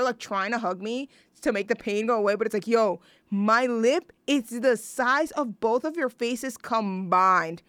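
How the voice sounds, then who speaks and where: Gushing young woman with a smooth voice. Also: fairly high pitch, no echo. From New York, USA. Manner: gushing, excitable, lots of filler words and slang. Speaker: show host introducing songs. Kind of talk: casual chat.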